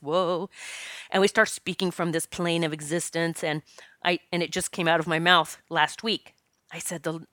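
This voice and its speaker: A woman's voice: mid-range voice, sharp tone, clean tone, dry recording, clean studio sound. A middle-aged woman giving a blunt motivational talk as a spiritual life coach, swearing freely, laughing often and stretching out key words for emphasis. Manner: emphatic, drawn-out stresses. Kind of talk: motivational monologue.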